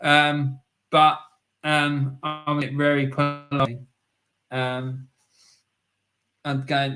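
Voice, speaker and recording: A man's voice: a little high, completely flat delivery, drawn-out words, long pauses, pushed and bright. A man hosting a live stream, chatting casually with viewers, laughing often and calling people "mate". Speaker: livestream host reading chat.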